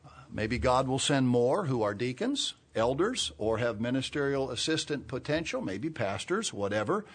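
A man preaching a sermon. He explains words slowly and clearly, then builds to urgent, emphatic calls. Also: mid-range voice, very animated. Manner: expository, spells out Greek words, rises to urgent emphasis.

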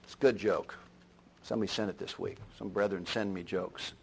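Guy preaching a sermon, gets loud on the big points then goes real quiet. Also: fairly even intonation, a little fast, gravelly, a little hiss or hum, poor audio. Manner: emphatic preaching that climbs loud on key lines, then drops low and quiet. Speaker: pastor.

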